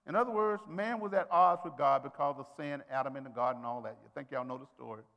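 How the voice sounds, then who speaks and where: A man preaching a sermon, calling on the congregation to answer back and rising to shouts. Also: medium pitch, quick pace, gravelly. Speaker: pastor. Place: church sanctuary. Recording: long hall reverb.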